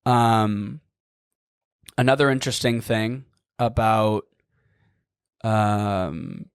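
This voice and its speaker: A man's voice: lowish voice, steady tone, extremely slow, smooth, no echo, studio quality. A young man hosting a podcast, telling a story in a rambling casual way, full of "like" and casual swearing. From United States. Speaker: podcast host.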